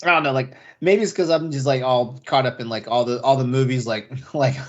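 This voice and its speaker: A man's voice: mid-range voice, brisk. A man co-hosting a podcast in casual chat, rambling with many restarts and fillers. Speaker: podcast co-host. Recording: slightly dull lo-fi audio.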